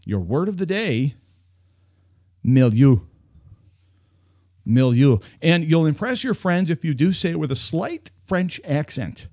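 A man's voice: on the high side, sing-song, moderate pace, hardly any pauses, darkish tone, dry recording, clean studio sound. A man hosting a call-in radio show, joking and teasing himself as he chats. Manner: playful, self-mocking banter.

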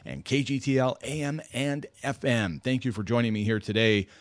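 A man's voice: mid-range voice, fairly even intonation, normal speed, dry recording. A man hosting a casual radio talk show, rambling and self-mocking as he chats from a studio mic.

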